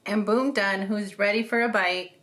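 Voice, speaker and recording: A woman's voice: medium pitch, fairly even intonation, moderate pace, a bit bright. A woman hosting a home cooking show, walking through a recipe step by step in a playful, chatty way, laughing often, recorded in a home kitchen. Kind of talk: cooking demonstration.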